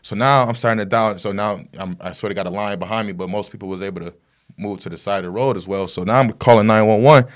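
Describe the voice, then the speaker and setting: A man's voice: on the low side, fast talker. A man talking as a guest, telling a story in a rambling casual way with lots of fillers and tag questions.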